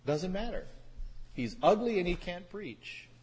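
A man's voice: high voice, very animated, a little slow, a little mellow, breathy edge. A man preaching a sermon, teaching from scripture with emphatic repetition and wry asides. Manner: emphatic, repeats phrases, wry sarcastic asides. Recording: hall reverb.

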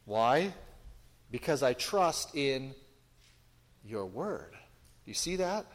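Preacher in a reverberant hall. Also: male voice, mid-range voice, big pitch swings, slow pace. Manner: conversational, emphatic, rhetorical questions, frequent restarts. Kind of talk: sermon.

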